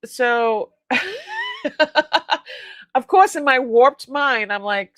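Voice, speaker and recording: A woman's voice: on the high side, very slow, long pauses, a bit bright, no echo, clean studio sound. A woman hosting a live-sale stream, chatting casually and telling stories with frequent laughs and acted-out bits of dialogue. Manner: chatty storyteller, laughs often, acts out dialogue.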